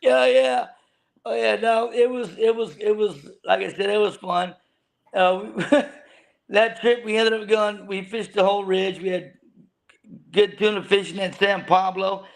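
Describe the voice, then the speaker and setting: Gravelly animated man telling fishing yarns. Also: sits high, measured pace. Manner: rambling, animated storyteller with frequent restarts and laughter. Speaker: guest, veteran fishing boat deckhand. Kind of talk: casual storytelling chat.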